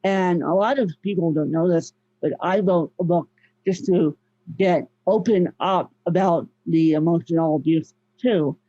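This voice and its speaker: A woman's voice: fairly low pitch, measured pace, warm tone, no echo, dull audio. A woman guest, a podcast host and author, telling her story in a casual, emotional and repetitive way. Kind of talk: casual interview talk.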